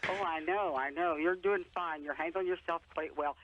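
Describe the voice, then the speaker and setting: A woman's voice: fairly low pitch, moderate pace, phone-quality sound, noisy background. Fond older woman on the phone. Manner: fond, fluttery, repeats herself. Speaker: contestant's grandmother on a call. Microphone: telephone.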